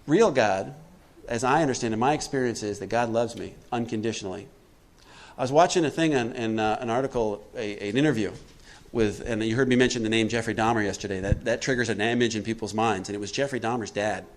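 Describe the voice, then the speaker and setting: Man preaching a recovery workshop. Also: quick pace. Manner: preachy, asks the room questions and answers them; acts out quotes with animated swings in pitch and volume. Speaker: workshop speaker.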